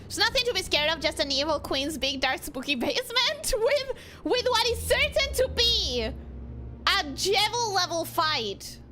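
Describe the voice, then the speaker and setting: A woman's voice: very high-pitched, sing-song, unhurried, pushed and bright, slight background noise. A young woman streaming a video game, chatting to viewers and reacting jumpily, often repeating herself when startled. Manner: greets chat viewers by name. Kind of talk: live gameplay commentary. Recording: game music playing behind.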